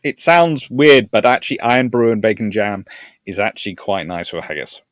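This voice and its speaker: A man's voice: on the low side, moderate pace, no room sound, studio quality. A man from Surrey with a southern English accent, hosting a history live stream and chatting casually through viewer comments. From Surrey, England. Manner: rambling, chatty, chuckling.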